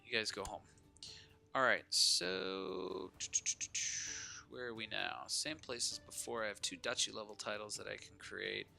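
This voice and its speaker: A man's voice: on the low side, measured pace, creaky, pushed and bright, soft background music. A man giving casual live commentary while playing a strategy game, chatting to viewers and talking back to the characters on screen.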